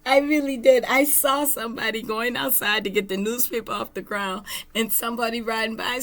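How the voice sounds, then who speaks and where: A woman giving a spiritual tarot reading, slow, emphatic and earnest. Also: a little high, steady tone, fairly bright tone. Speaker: tarot reader.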